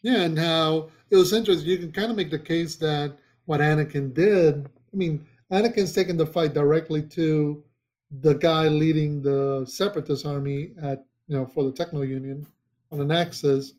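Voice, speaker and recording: A man's voice: a little high, fairly even intonation, moderate pace, darkish tone. A man co-hosting a casual podcast chat, rambling with restarts and searching for names as he talks. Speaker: podcast co-host.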